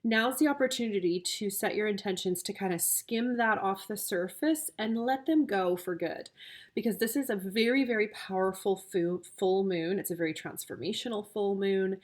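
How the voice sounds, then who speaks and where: A woman reading tarot cards for her viewers as a coach, gushing and emotional, easily moved to tears. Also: medium pitch. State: tearful.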